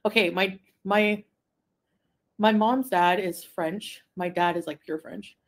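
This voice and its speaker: A woman from Quebec chatting casually on a live stream, reading viewer comments, rambling and giggling, sometimes trailing off into a soft mumble. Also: medium pitch, fairly even intonation, slow pace. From Quebec, Canada. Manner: rambling, easily distracted, giggly asides. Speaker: livestreamer.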